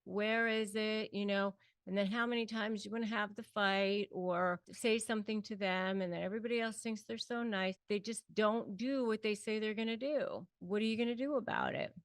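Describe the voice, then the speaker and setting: Woman self-help host, mid-pitched, punchy and repetitive delivery, dry room with no echo. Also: fairly quick, hardly any pauses. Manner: emphatic, repetitive, rallying the viewer. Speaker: host and self-help coach on narcissistic abuse. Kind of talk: direct-to-camera advice talk.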